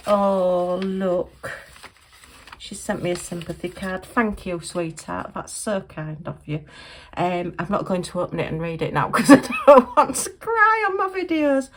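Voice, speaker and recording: A woman's voice: on the low side, noisy background. A middle-aged woman chats through an unboxing at home, often exclaiming and thanking, heard through a camera mic. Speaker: crafting vlogger. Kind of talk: casual unboxing chat. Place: home room at a desk.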